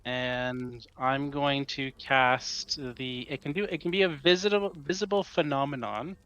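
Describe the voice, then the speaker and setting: Man with a smooth, clear voice. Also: mid-range voice, measured pace, fairly bright tone, highs cut off. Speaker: player. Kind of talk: tabletop role-play.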